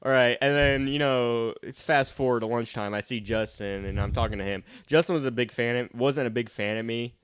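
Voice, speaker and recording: A young man co-hosting a podcast, joking in casual chat with quick asides and stammering restarts. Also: mid-range voice, clear, resonant tone, no room sound. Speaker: podcast co-host.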